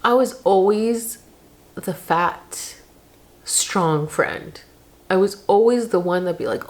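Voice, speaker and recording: A woman's voice: medium pitch, slow. A woman in her thirties talking casually to the camera in a vlog, chatty and emotional, often saying "like". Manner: chatty, emotional, uses lots of "like". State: tearful, on the verge of crying. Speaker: vlogger.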